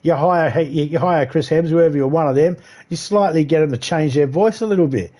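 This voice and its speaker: An Australian gaming streamer rants casually while playing live, swearing freely and laughing at his own jokes as he rambles. His voice is fairly high and dark in tone, moving at normal speed.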